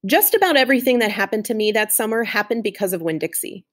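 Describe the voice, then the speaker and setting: Brief: chatty woman teacher, class read-aloud, mid pitch. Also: lively intonation, quick pace. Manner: friendly, chatty with fillers.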